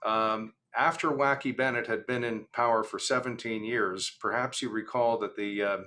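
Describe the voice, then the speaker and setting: An older man hosting an interview, chatty and anecdotal, pausing on fillers. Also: medium pitch, steady tone, bright, forceful tone. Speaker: interview host. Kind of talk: casual interview chat.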